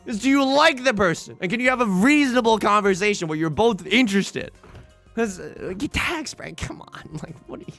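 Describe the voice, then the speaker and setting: Lively, gravelly man rambling over gameplay. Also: sits high, a little fast. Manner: rambling, chatty, with frequent restarts and laughs. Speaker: Let's Play host. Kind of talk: casual gameplay commentary. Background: faint game music.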